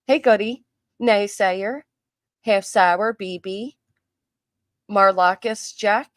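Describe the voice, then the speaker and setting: A woman's voice: medium pitch, takes it slowly, a bit bright, no room sound, clean studio sound. A woman hosting a casual livestream, greeting viewers by name in a chatty way, her voice a little worn. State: losing her voice. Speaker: livestream host.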